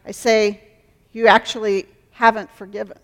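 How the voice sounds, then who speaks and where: A woman's voice: medium pitch, flat delivery, moderate pace, long reverb tail. A woman giving an earnest sermon as a Christian counselor, acting out dialogues to teach.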